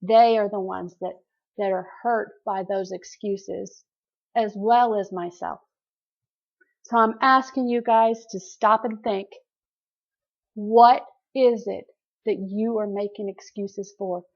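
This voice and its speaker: A woman's voice: medium pitch, fairly even intonation, slow, muffled recording. A woman hosting a group call and giving an earnest, preachy motivational talk straight to her listeners.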